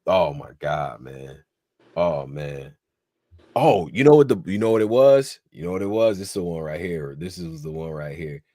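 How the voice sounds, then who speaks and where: Deep-voiced man recapping battles. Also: normal speed, no echo, studio quality. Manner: animated, repeats phrases, quotes bars. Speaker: podcast co-host. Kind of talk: casual chat recapping battles.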